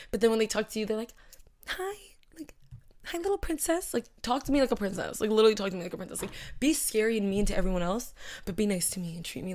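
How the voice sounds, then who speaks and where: Rambling young woman telling a story. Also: mid-range voice. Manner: rambling, animated, lots of "like" and asides. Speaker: host. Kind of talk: casual storytelling chat.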